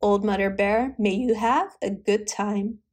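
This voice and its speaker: A woman's voice: medium pitch, fairly even intonation, unhurried, a little mellow, close to an everyday voice. A woman voicing a sad little male monkey who speaks in rhyme. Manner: rhyming.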